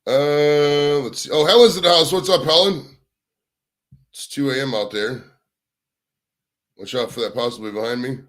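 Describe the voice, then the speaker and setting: Young male stream host, rambling and profane, chatting casually to viewers from home, bright forceful tone. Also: medium pitch, fairly even intonation, normal speed, pauses often. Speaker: livestream host. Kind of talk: casual livestream chat. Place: home, indoors.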